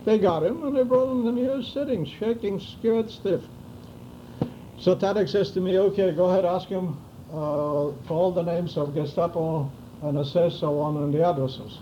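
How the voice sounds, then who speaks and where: Older man, oral history interview, acts out dialogue, high voice, faint hiss. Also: normal speed, mellow, dull audio. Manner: vivid storytelling, acting out dialogue. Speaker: interviewee recounting wartime memories.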